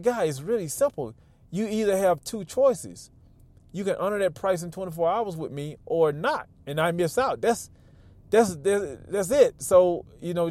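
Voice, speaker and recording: Man, casual storytelling, chatty, restarts often, slightly high pitch. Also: darkish tone, dry recording. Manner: chatty, frequent restarts and repeated words, laughs while telling. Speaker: vlogger telling a personal story.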